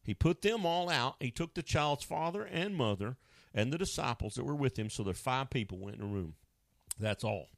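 Animated preacher man, dry close sound. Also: normal speed, creaky, dry recording. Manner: animated, acts out Bible scenes with sudden high wailing voices. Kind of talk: sermon.

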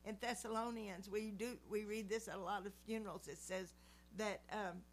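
A woman's voice: medium pitch, steady tone, normal speed, slight background noise. A woman in her seventies praying and giving an earnest devotional teaching. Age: 70s. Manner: earnest, preacherly. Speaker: Christian speaker.

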